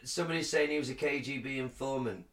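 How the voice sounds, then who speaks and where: A man co-hosting a podcast, swearing freely and laughing, reading comments out loud in casual chat. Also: mid-range voice, fast. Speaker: podcast co-host. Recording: roomy echo.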